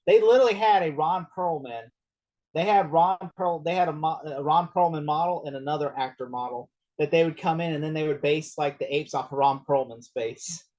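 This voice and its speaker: A man with a fairly high voice talks through a film in casual chat. He rambles, restarts and keeps breaking into laughter as he jokes. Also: brisk, darkish tone, muffled recording. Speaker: podcast host. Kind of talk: casual movie discussion.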